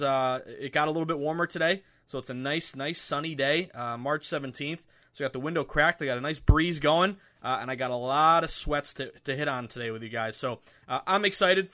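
A man hosting a sports betting podcast, chatting casually from home with lots of fillers and excitement. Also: fairly high pitch, brisk, few pauses. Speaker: podcast host. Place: home room with window open.

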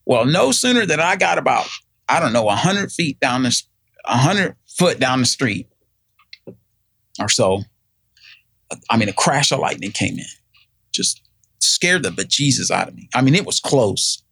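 Rambling gravelly middle-aged man. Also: mid-range voice, big pitch swings, normal speed, long pauses, fairly bright tone, no room sound. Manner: rambling, many fillers and restarts, acts out quoted voices. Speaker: guest telling his story. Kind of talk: casual storytelling.

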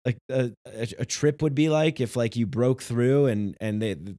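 A man who holds a casual spiritual monologue. He is passionate and rambling and often restarts his sentences. His voice sits at a middle pitch, and it is recorded close and dry with no room sound. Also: normal speed, mellow, no echo. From New York.

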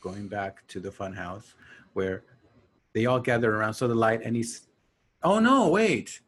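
A man's voice: fairly low pitch, moderate pace. A man co-hosting a podcast, chatting casually about a film and acting out its characters. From Mexican-American. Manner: animated, acts out film characters. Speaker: podcast co-host. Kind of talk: casual movie chat.

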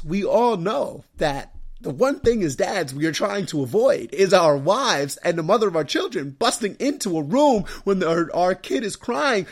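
A young adult man hosting a podcast, telling stories about his baby daughter in a casual, animated way. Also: moderate pace. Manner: animated storytelling, mimics his wife and daughter in high voice. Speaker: podcast host. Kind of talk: casual solo podcast talk.

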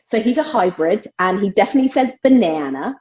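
A woman's voice: medium pitch, brisk, lo-fi sound. A middle-aged woman with an English accent, chatting casually and animatedly as a guest on a sports radio show. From England. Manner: animated, laughs often.

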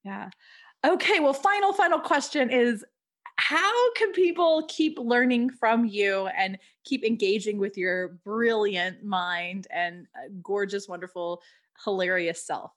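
A woman's voice: mid-range voice, slow. A woman hosting a podcast interview, with English lightly shaped by a Spanish accent, speaking effusively and with enthusiasm. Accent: Spanish-influenced English. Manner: warm, effusive, enthusiastic praise. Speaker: podcast host. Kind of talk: casual interview chat.

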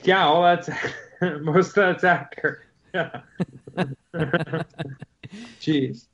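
A man's voice: fairly high pitch, very slow, a bit bright. Laid-back joking man, dull audio. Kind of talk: casual chat.

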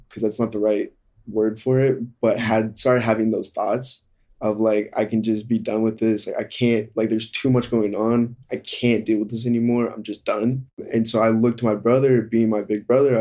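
A young man candidly telling a hard personal story in conversation, halting and full of fillers. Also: medium pitch, mellow. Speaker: guest.

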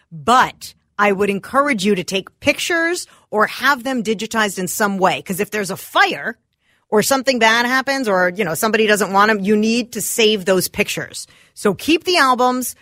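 A woman radio host chatting through listener letters in a dry studio. Her pitch swings widely as she reacts, exclaiming in disbelief. She speaks at a middle pitch and laughs easily. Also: a bit bright, dry recording. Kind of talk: casual radio banter.

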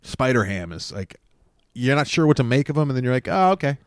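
A man chatting on a podcast at a quick clip, rambling along and leaning on filler words. His voice is recorded dry and close, with no room sound. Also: mid-range voice, expressive, no echo. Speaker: podcast co-host. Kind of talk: casual chat.

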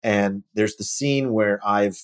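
A middle-aged man telling lively anecdotes as a guest on a casual chat show, acting out quotes and restarting his sentences often. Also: fairly low pitch, takes it slowly, clean tone. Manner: animated, acts out quotes, frequent restarts. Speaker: podcast guest, actor.

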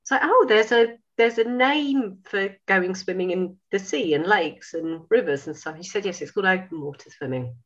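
A woman in her fifties, a sewing school owner, telling a story in a lively way, acting out dialogue and laughing. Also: mid-range voice, moderate pace, few pauses, dull audio. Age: 50s. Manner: animated, laughing, acts out dialogue. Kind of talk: casual storytelling.

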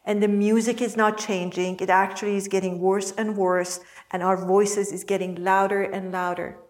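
Woman leading a workshop, calm and reflective, keeps asking the group questions. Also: medium pitch, normal speed. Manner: calm, asks the listeners questions. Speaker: workshop teacher and podcast host. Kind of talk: reflective teaching talk to a group.

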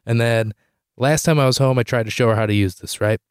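Young male podcast comic, mid-pitched, rambling and profane, dry close sound. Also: a little fast, clean tone, dry recording. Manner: animated, swears freely, jumps to a high pitch when quoting himself; rambling with many "like" fillers and restarts. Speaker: podcast host. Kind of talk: comedic storytelling monologue.

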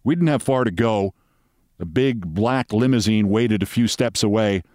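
A man reading a short story aloud as host, with measured, wry storytelling. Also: lowish voice, darkish tone, dry recording, clean studio sound.

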